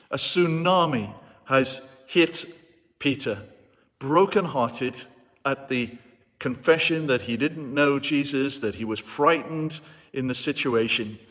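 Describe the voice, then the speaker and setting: A man's voice: medium pitch, a bit bright. A man preaching a sermon as a vicar, retelling a story in an earnest, reflective way. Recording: long hall reverb.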